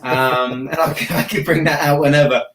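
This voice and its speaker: A man from Southampton with a Hampshire accent, a watch YouTuber chatting casually as a guest, joking and laughing, often trailing off quietly. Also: a little high, steady tone, normal speed, a little hiss or hum. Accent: Hampshire English. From Southampton, England. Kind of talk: casual interview chat. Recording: echoey room.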